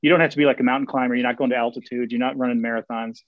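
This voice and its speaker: A man talking fast and eagerly as an interview guest, stumbling over his words and restarting often. The sound is dry and a little dull, like a lo-fi recording. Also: mid-range voice, steady tone, no room sound. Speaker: guest, Camino walker and author. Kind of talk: casual interview storytelling.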